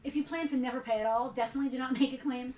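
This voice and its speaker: A woman's voice: high voice, fairly even intonation, very fast, far from the mic, crowd noise. A woman co-hosting a live sale stream in a casual, rambling way, with many fillers. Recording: roomy, from off the mic.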